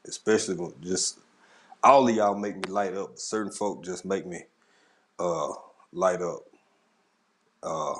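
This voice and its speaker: A man hosting a casual livestream, greeting viewers in the chat one by one in a laid-back way. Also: low-pitched. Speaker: livestream host. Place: home at a camera.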